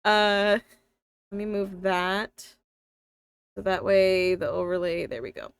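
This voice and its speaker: A woman's voice: medium pitch, slow pace, vocal fry, clean tone, dry recording. Young woman, slight lisp, chatty streamer, thinks aloud, dry close sound. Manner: chatty, thinks aloud, talks to her chat. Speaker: live streamer and tabletop player. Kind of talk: casual live-stream chat.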